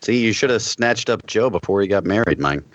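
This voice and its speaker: Deep-voiced man teasing his friends. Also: expressive, a little fast, dry recording, muffled recording. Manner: teasing, laughs often. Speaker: podcast co-host. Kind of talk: casual podcast chat.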